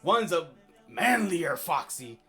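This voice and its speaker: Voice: mid-range voice, sing-song, slow, fairly bright tone, faint music behind. A streamer chatting casually on a livestream, rambling with lots of fillers and restarts.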